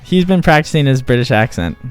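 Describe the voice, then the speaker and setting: A man's voice: mid-range voice, expressive, a little fast, clean tone, faint music behind. A man hosting a casual livestream, upbeat and encouraging as he chats with a guest and his young son. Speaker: stream host and father.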